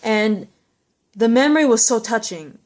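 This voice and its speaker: Woman rambling on her vlog about a show, gushy, kinda high voice. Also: lively intonation, measured pace, darkish tone. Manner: gushing, rambling, lots of fillers and laughs. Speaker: vlogger reviewing a TV episode. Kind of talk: casual chat.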